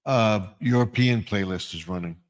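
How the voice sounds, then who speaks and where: Brief: man in his seventies, fairly low voice, short agreeable replies on a livestream. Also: normal speed, a crowd in the background. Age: 70s. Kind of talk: casual livestream chat.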